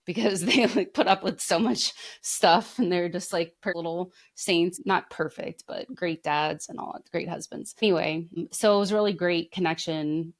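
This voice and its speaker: A woman's voice: on the low side, normal speed, hardly any pauses. A young woman co-hosting a podcast, telling long heartfelt stories in casual chat, full of fillers. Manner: rambling, heartfelt storytelling with many fillers. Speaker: podcast co-host.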